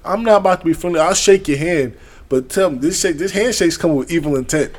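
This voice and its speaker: A man co-hosting a podcast, talking in an animated, slangy and emphatic way in casual chat. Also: on the high side, fast talker. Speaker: podcast co-host.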